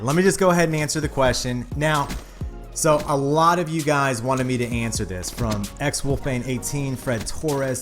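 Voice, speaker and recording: A man's voice: medium pitch, a bit bright. Earnest man telling a story to viewers. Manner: candid, earnest anecdote-telling. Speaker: YouTube channel host.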